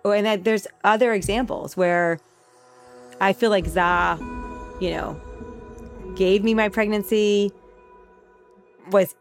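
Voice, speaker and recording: A woman's voice: medium pitch, steady tone, slow pace, long pauses, soft background music. A woman, a company founder, telling a personal story in a candid, rambling way, with fillers and restarts.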